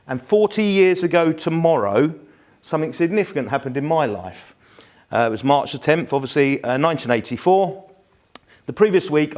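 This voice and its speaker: A man in his fifties with a South East London accent, giving a chatty, anecdote-filled live lecture to a room. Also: fairly high pitch. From England. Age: 50s. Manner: chatty, anecdotal, self-deprecating.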